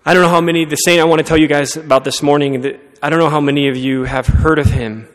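A man preaching a sermon, telling a story in an earnest, conversational way and often dropping to a soft voice. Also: on the high side, steady tone, fast. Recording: long reverb of a large hall.

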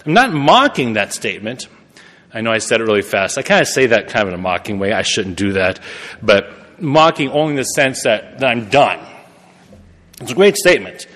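A man's voice: mid-range voice, sing-song, fairly quick, fairly bright tone. A man preaching a sermon in a conversational way, correcting himself and laughing at his own remarks. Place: church. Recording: long reverb of a church hall.

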